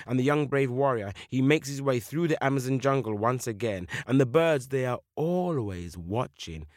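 A man telling a children's folk tale with slow, dramatic repetitions. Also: medium pitch, lively intonation, no room sound, studio quality. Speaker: storyteller. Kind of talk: children's story narration.

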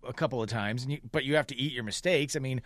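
A man's voice: mid-range voice, racing. A middle-aged man co-hosting a casual chat, telling stories with playful exaggeration. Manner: animated storyteller, playful exaggeration.

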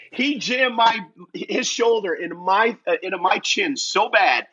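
Husky, bright-voiced man telling stories. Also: high voice, a little slow, low-quality recording. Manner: lively, self-mocking, acts out quoted voices. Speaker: guest. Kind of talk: animated storytelling in a casual interview.

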